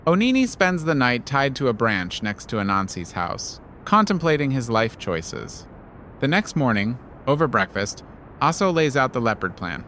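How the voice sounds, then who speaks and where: A man tells a bedtime story with wry, playful asides. His voice sits in a middle register and moves lively up and down. His delivery is relaxed, scripted narration. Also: medium pitch, moderate pace, slight background noise.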